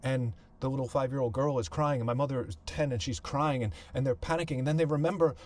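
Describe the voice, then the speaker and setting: A man hosting a podcast, telling a personal family story in a halting way, often repeating words and thinking aloud. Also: mid-range voice, steady tone, a little mellow. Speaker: podcast host.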